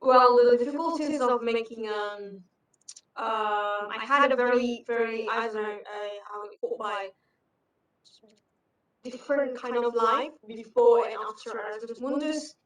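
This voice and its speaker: High-voiced woman, roomy sound. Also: fairly even intonation, unhurried. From Indonesia. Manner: hesitant, many fillers, laughs easily. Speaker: guest. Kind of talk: casual interview storytelling. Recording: roomy, distant from mic.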